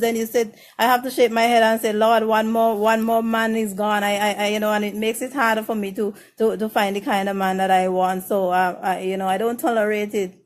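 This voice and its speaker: A woman hosting a casual advice talk, blunt and frank, stumbling over and repeating her words. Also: a little high. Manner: greets viewers by name in a slow sing-song. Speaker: host of a relationship advice show.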